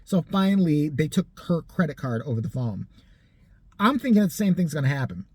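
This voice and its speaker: A husky voice that leaps around in pitch as it tells a personal story on a vlog. The delivery is casual, sarcastic and full of swearing. It acts out each person in the story with gusto. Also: brisk, no echo. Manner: animated, profane, sarcastic, acts out the people in the story. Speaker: storytime vlogger.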